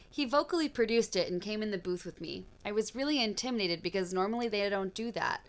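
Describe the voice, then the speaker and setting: A woman's voice: mid-range voice, lively intonation, fast, hardly any pauses. A young adult woman co-hosting a casual podcast chat, giggly and chatty, sometimes reading aloud from articles. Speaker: podcast co-host.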